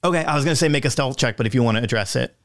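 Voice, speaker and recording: A man narrating as game master of a tabletop game, relaxed and halting with many pauses. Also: mid-range voice, dry recording, clean studio sound.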